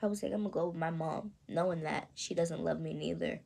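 An 18-year-old woman telling her own story in a vlog, soft and halting, often stopping to ask "you know what I mean". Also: fairly low pitch, fairly even intonation, gravelly. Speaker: vlogger. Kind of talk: confessional personal storytelling.

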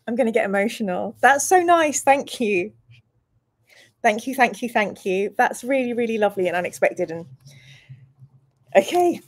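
With a voice on the high side and a moderate pace broken by long pauses, a woman plays through a gamebook on a live stream. She reads the room descriptions aloud, chats with viewers in a bubbly, self-deprecating manner, and lets out bursts of excited squeals.

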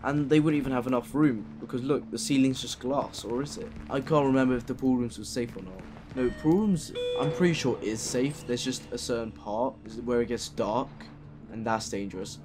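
A man's voice: mid-range voice, normal speed, over music. A man commentating a horror game as he plays, reading in-game notes aloud and swearing when startled. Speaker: gameplay commentator.

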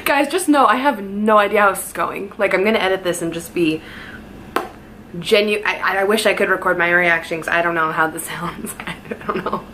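A woman's voice: lowish voice, normal speed, a little hiss or hum. A young woman vlogging casually, giggly and self-conscious, laughing often between remarks. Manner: sings loudly over music in headphones. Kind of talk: casual singing vlog.

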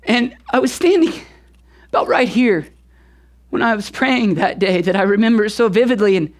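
A pastor in his thirties preaching a sermon through a relaxed personal story, talking conversationally with casual fillers. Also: high voice, normal speed.

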